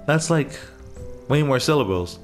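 A man's voice: medium pitch, lively intonation, a little slow, soft background music, voice pushed up, lightly acted. A man reading the lines of a sarcastic young woman cat in a game, in his own voice. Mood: deadpan. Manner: dry, sarcastic. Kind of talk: reading game dialogue aloud.

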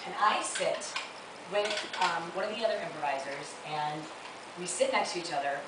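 A chatty woman in her thirties from Chicago tells stand-up stories with animated energy. Her voice bounces around a roomy theater from a distant mic. A live audience's noise is clearly heard behind her. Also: lowish voice, moderate pace. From Chicago, USA. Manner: chatty, animated storyteller with frequent laughs. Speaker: stand-up comedian. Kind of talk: stand-up comedy.

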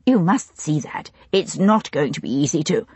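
A woman reads a stout, frightened antiquary who stammers nervously. The voice is low and husky, and the sound is close and dry. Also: very animated, moderate pace, a little mellow, no echo, heavily acted.

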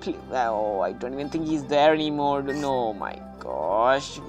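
A woman giving casual gameplay commentary, excitable and anxious, often calling out "dude". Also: rumbling low, measured pace, hardly any pauses, faint music behind. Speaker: gaming video host.

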